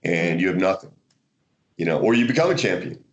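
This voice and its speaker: A man's voice: sits low, a little fast, dull audio. Chatty storytelling American man. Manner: animated storyteller, laughs often, many restarts. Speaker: guest, martial arts author. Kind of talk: casual interview chat.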